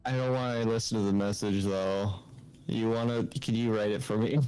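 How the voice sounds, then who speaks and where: A young man chatting as a player in a tabletop game, his voice mellow and dark in tone. He talks quickly and jokingly, swearing when things go wrong. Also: lowish voice, fairly even intonation, smooth. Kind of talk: casual game chat.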